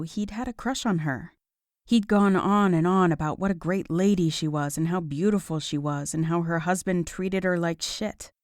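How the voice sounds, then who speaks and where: A woman narrating a romance audiobook in a measured, even storytelling voice. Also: on the low side, no echo, clean studio sound.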